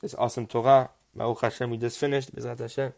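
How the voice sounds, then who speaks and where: A man teaching a text-study lesson, reading passages quickly and translating them phrase by phrase with earnest, enthusiastic commentary. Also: medium pitch, little pitch movement, creaky, darkish tone. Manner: reads passages rapidly, then translates phrase by phrase. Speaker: Torah teacher.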